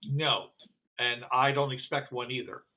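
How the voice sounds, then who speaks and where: An apologetic, reassuring military captain, played by a man, explains things in a halting way, full of pauses and filler sounds. His voice sits at an ordinary pitch and comes through a thin, phone-like line. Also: level tone, close to an everyday voice.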